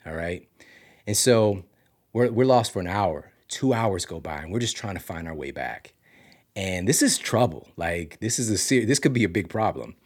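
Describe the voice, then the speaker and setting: A man from Missouri hosting a podcast, telling a story casually with big swings from loud to hushed. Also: lowish voice, expressive, normal speed. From Missouri, USA. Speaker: podcast host.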